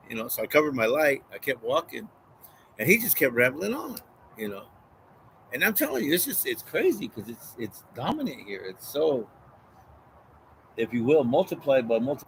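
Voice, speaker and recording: A man's voice: fairly high pitch, sing-song, normal speed, a bit bright, slight background noise, rough recording. A man casually talking through a Bible passage and reading it aloud, rambling and repeating phrases. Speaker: street preacher.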